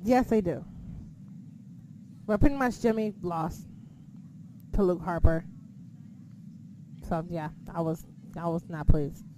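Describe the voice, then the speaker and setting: A woman's voice: on the low side, slow pace, pauses often, warm tone, slight background noise. A woman co-hosting a casual wrestling podcast, blunt and heavily profane as she rants about the show and her critics. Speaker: podcast co-host.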